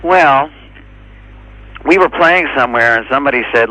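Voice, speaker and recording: A man being interviewed as a drummer, speaking in an easygoing, halting way with lots of fillers. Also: medium pitch, animated, bright, forceful tone, rough recording. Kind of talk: casual interview answers.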